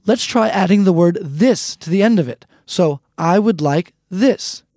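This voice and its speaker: Man, lesson host, high and mellow voice, patient step-by-step explaining, dry close studio sound. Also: animated, unhurried, dry recording. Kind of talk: scripted lesson instruction.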